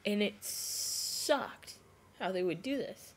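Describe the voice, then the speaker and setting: A woman's voice: medium pitch, slow. Rambling young woman telling a story. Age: young adult. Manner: rambling, animated retelling full of "like" and restarts. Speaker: vlogger. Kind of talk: casual storytelling vlog.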